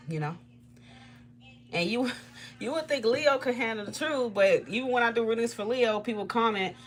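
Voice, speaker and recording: With a slightly bright sound, this tarot reader keeps her livestream chat casual, blunt, and full of swearing. She laughs often and her voice jumps abruptly high.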